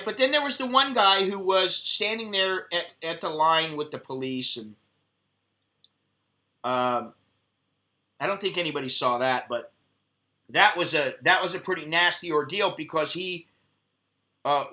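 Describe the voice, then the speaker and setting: An American man talks on his live stream in a very bright, sharp voice that sits high for a man. His speech is casual and laced with cursing, and he drifts between stories and bursts of acted-out argument. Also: measured pace, long pauses. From United States. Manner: profane, animated storytelling, acts out heated quotes.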